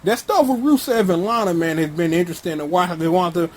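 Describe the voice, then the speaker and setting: A man with a high, husky voice rants casually and bluntly, full of slang and swagger. He talks in an animated, opinionated way, like a vlogger riffing to his viewers. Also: brisk. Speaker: wrestling commentator vlogger.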